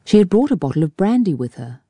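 A woman reading a novel aloud in a measured, even narration on a close mic. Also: lowish voice, husky, no echo. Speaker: audiobook narrator. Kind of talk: scripted narration.

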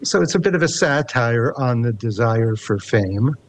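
An older man with a Canadian accent, in his seventies, talks in an unhurried, reflective way with a dry, wry edge. He speaks as a poet being interviewed and reads his own verse aloud. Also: mid-range voice, lively intonation. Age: 70s. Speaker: poet guest. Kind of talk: casual interview and poetry reading.

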